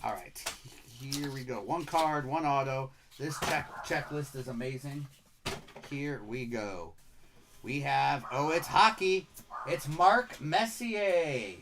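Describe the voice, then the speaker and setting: A man's voice: medium pitch, slow pace. Man, Michigan accent, middle-aged, live card-break host, upbeat chatter, faint background hiss. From Michigan, USA. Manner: upbeat, chatty, rattles off player names. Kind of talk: casual live-stream patter.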